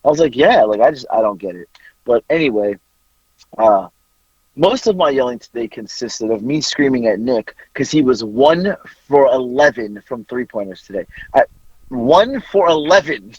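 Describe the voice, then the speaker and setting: A man in middle age tells stories in casual podcast chat, his voice husky and a little breathy. He throws himself into quoted arguments and swears freely. The sound is dry and somewhat dull, like a lo-fi mic. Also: mid-range voice, expressive, moderate pace, darkish tone, dry recording. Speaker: podcast co-host.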